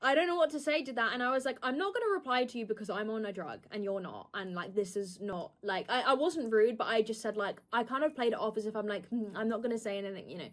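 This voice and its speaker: A woman's voice: fairly high pitch, expressive, fast, few pauses. A young woman, a streamer telling a candid story in casual chat, swearing and acting out what people said.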